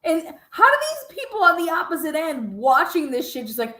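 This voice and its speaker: Brief: high-pitched female host, scornful swearing commentary, roomy echo. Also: very animated, normal speed, pushed and bright. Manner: mocking, swearing, laughing, incredulous. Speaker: podcast host reacting to a clip. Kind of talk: profane reaction commentary.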